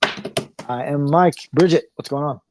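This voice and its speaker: A man, co-hosting a casual podcast chat in a relaxed, rambling way. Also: on the high side, measured pace, noisy background. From Tennessee. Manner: relaxed, rambling with fillers and restarts. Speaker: podcast co-host.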